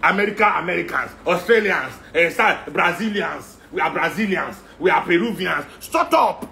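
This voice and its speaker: A man's voice: fairly high pitch, normal speed, creaky, sharp tone, slight background noise. A man with a Nigerian accent giving an impassioned rant, firing off rhetorical questions. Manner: heated, rhetorical, repeating questions. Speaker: speaker in a talk.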